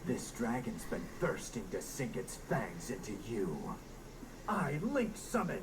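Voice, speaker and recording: A man's voice: mid-range voice, wildly swooping pitch, a little slow, distant mic, heavy background noise. An actor playing a cold, commanding male duelist villain, with theatrical battle calls in a dubbed anime game. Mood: menacing.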